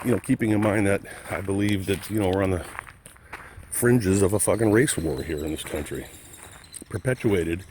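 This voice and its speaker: Man, deep voice, angry profane vlog rant, outdoors, faint background noise. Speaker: vlogger. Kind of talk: casual rant to camera.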